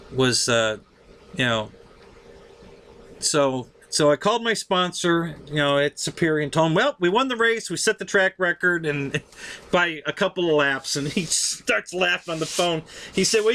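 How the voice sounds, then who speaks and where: A man's voice: fairly high pitch, sharp tone. A middle-aged man telling a story casually, laughing often, swearing freely, and acting out what people said. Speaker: show host telling a story.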